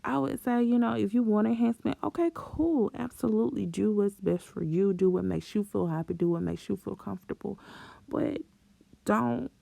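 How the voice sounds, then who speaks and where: Encouraging young woman with a gravelly voice. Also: medium pitch, normal speed, warm tone, no echo. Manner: chatty and encouraging, with bursts of laughter and playful exclamations. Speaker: vlogger giving self-esteem tips. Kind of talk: casual advice talk to camera.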